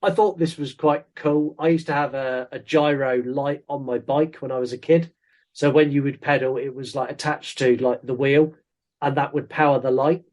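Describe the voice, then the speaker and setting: A man's voice: medium pitch, steady tone, moderate pace, a little mellow. A man co-hosting a podcast, chatting casually and jokingly as he reviews a horror film. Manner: rambling, jokey, self-interrupting. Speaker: podcast co-host.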